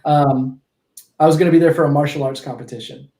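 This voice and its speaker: A man's voice: a little high, steady tone, fast, mellow, a little hiss or hum. Young man rambling in an echoey room. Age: 20s. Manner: rambling, with frequent restarts and self-corrections. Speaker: podcast guest. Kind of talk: casual storytelling in a conversation.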